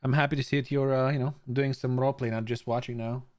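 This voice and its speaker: A man's voice: medium pitch, little pitch movement, fast, darkish tone. A young adult man from Bulgaria chatting casually with his live stream viewers, stammering through restarts, swearing freely and greeting chatters by name.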